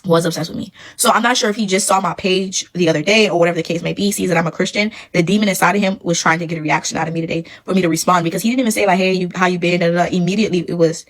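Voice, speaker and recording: A woman's voice: on the low side, fairly even intonation, rapid-fire, few pauses, poor audio. A woman, emphatic and preachy, telling a casual storytime about her past relationship.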